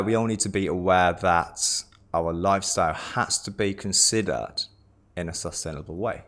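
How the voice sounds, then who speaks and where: At a normal speed and with a low, fairly bright voice, a man in his twenties introduces himself as a lifestylist in a casual chat. He's a native Japanese speaker from Japan with British-tinged English, and his talk is loose, with repeated words and jokey asides.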